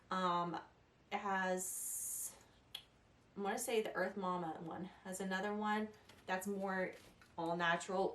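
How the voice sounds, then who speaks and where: A young woman vlogging casual advice, chatty and rambling, laughing at herself. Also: mid-range voice. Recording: echoey room, a little distant.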